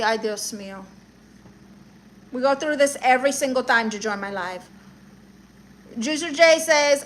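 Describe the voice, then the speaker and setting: A woman's voice: high voice, a little slow, long pauses, fairly bright tone, slight background noise. A woman with a Spanish accent hosting a live stream, reading viewers' comments aloud and teasing them with sass. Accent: Spanish-accented English. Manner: sassy, reads chat aloud and teases viewers. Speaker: livestream host. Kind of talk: live stream chat, comedic.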